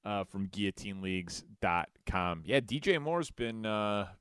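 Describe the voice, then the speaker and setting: A man's voice: fairly low pitch, clear, resonant tone, no room sound. Chatty male sports radio host. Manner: relaxed, chatty, quick stat asides. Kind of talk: call-in radio talk.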